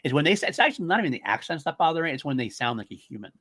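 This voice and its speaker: A man's voice: on the high side, big pitch swings, racing, a bit bright. A man co-hosting a podcast, chatting casually and enthusiastically, often repeating himself for emphasis. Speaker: podcast co-host. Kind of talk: casual chat.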